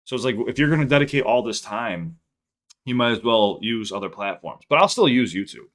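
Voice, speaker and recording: A man's voice: mid-range voice, lively intonation, fairly quick, a bit bright. A young adult man from the Chicago area, hosting a casual live-stream podcast and reading out chat questions in a loose, profane, rambling way.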